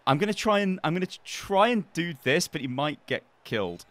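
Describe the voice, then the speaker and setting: Man, casual gamer, bright and animated, laughs a lot and talks through his plays. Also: on the high side, fairly quick, dry recording. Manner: chuckling, muttering his moves aloud. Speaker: gamer playing against a friend. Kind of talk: casual gameplay chat.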